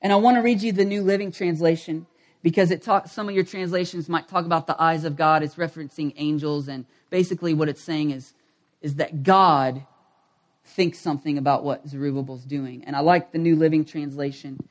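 A man's voice: a little high, fairly even intonation, a little fast. A man pastor preaching a sermon, telling a personal story in a conversational way and asking the congregation questions.

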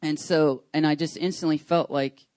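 A man's voice: on the high side, normal speed, no echo. A pastor in his thirties making casual, rambling church announcements with lots of fillers and an enthusiastic tone. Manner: chatty, rambling with many fillers and restarts; enthusiastic, excitable. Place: church service.

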